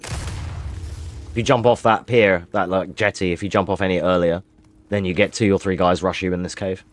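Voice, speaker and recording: A man's voice: low-pitched, fairly even intonation, normal speed. A man streaming live gameplay, joking with his chat and explaining his moves as he plays.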